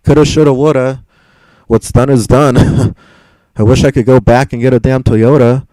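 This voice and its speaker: A man's voice: mid-range voice, steady tone, moderate pace, warm tone, no echo, poor audio. A young man live streaming and answering chat, frustrated and rambling, swearing and stumbling over repeated words.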